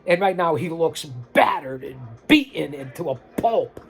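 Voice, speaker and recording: A man's voice: on the high side, expressive, unhurried, gravelly, slightly rough, faint music behind. A man hosting a show, casually rambling his commentary over a video clip. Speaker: host.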